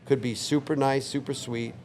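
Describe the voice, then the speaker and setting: A man's voice: mid-range voice, normal speed, a little hiss or hum. Older man spinning a vivid bar tale. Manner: relaxed, vivid anecdote teller who acts out quoted lines. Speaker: bar owner telling a story. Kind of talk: casual storytelling interview. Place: indoors on a couch in a bar.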